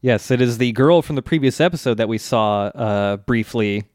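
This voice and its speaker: A man co-hosting a podcast in an easy, relaxed manner, laughing often. His voice sits mid-range, recorded dry and close with no room sound. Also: medium pitch, moderate pace, no room sound. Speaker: podcast co-host. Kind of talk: casual chat recapping an anime.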